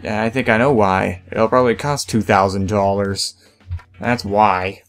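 A man's voice: on the low side, steady tone, a little slow, faint music behind. A young man hosting a let's play, chatting casually as he plays and reading the game's text aloud with playful outbursts. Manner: reads game text aloud, playful exclamations. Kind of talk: casual gameplay commentary.

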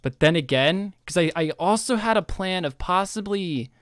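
A man's voice: sits high, lively intonation, normal speed, fairly bright tone, no room sound, clean studio sound. A man giving casual, sweary gameplay commentary and scolding himself for mistakes. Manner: self-scolding, swearing, jumpy. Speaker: guest gamer.

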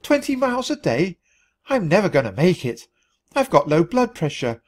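A man's voice: sits high, huge pitch swings, normal speed, pitched above the performer's own voice, heavily acted. A man voicing a timid, fretful male mouse who stammers and whines in a storybook reading. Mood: panicky. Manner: stammering, whiny.

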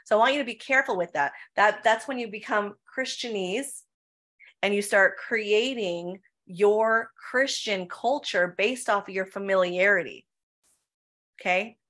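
A woman pastor of Filipino heritage, her voice at a medium pitch. She preaches in a lively Q&A setting, firing off rhetorical questions and driving each point home with "right?" and "come on.". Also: a little slow. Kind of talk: preaching in a Q&A session.

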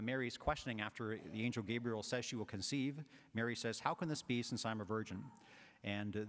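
Priest giving a homily in a reverberant church. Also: male voice, medium pitch. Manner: conversational, with fillers and asides. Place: large church.

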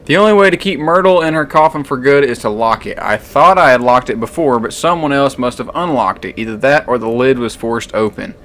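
A young man with a bright voice, playing a horror game and narrating aloud. He shouts in fright, mutters to himself, and talks close to a desk mic at home. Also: medium pitch, brisk, few pauses. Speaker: gaming YouTuber.

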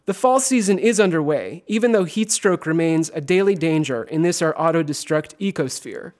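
High, animated man reading poetry. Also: moderate pace. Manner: theatrical, swings from loud to hushed; chanting repetitions. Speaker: poet. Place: university reading event.

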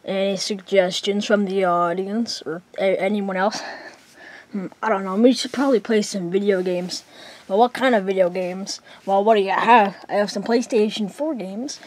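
A woman's voice: mid-range voice, steady tone, moderate pace, a little mellow. A woman narrating and voicing characters in a casual homemade toy skit, rambling with many fillers.

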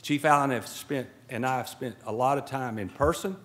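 Here a middle-aged man from Georgia delivers a folksy, humorous guest speech at an indoor swearing-in, using the podium microphone. His voice is medium in pitch and fairly bright, moving at a moderate pace, with the occasional aside in a preacher's manner.

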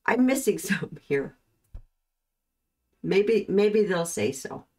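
A woman hosting her own channel, commenting in a slow, thoughtful and puzzled way on courtroom footage, with frequent pauses. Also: mid-range voice, expressive, darkish tone. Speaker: host reacting to trial footage. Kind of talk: casual commentary.

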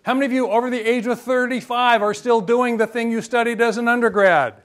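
A man's voice: extremely high pitch, brisk. A man giving a humorous university lecture, joking and quizzing his audience. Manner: lively and joking, asks the audience questions.

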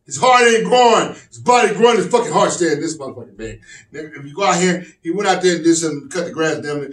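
Loud, profane man doing stand-up. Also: fairly high pitch, fast. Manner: loud, profane, animated, often shouting. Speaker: stand-up comedian. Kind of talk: stand-up comedy. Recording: echoey room from distant mic.

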